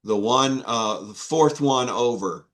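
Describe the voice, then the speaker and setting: Male instructor, unhurried and halting, drilling students on letters. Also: mid-range voice, fairly bright tone. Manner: slow, patient, with many fillers and restarts. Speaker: Greek instructor. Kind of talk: online class teaching.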